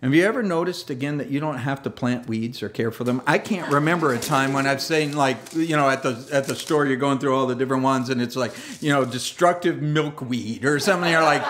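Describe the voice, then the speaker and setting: A man's voice: medium pitch, brisk, hardly any pauses, fairly bright tone, a little hiss or hum. A man preaching a sermon as pastor, conversational and self-deprecating, with jokey asides and laughs. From United States. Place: church sanctuary.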